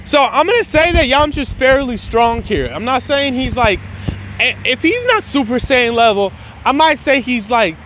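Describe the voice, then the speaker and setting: A fan channel host with a notably high voice tells a fan story loosely and casually at a moderate pace. He uses slang, stays animated, and makes fight sounds with his mouth, while traffic hums faintly outside.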